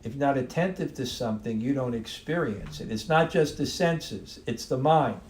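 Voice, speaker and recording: A man giving a devotional talk as a spiritual teacher, unhurried, often repeating and restarting words and chuckling now and then. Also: medium pitch, animated, a little hiss or hum. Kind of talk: devotional talk on a live stream. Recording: echoey room.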